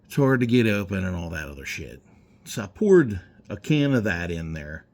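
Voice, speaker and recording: A man's voice: low-pitched, big pitch swings, moderate pace, gravelly, darkish tone. A man in his garage, heatedly ranting in a rambling, profane vlog monologue. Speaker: garage owner. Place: indoor garage.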